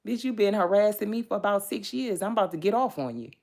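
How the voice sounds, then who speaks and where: Woman, tarot reader, casual vlog rant: blunt, animated, swears freely, laughs a lot, talks directly to viewers. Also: mid-range voice, quick pace, few pauses. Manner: chatty, addresses viewers directly.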